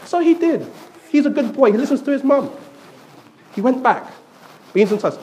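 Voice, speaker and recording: A man's voice: extremely high pitch, expressive, moderate pace, a crowd in the background, background noise. A male pastor preaching a sermon, telling stories playfully and repeating himself often.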